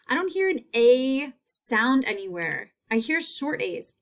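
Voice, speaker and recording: A woman teacher giving a phonics lesson, repeating each word slowly and clearly. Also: high voice, big pitch swings.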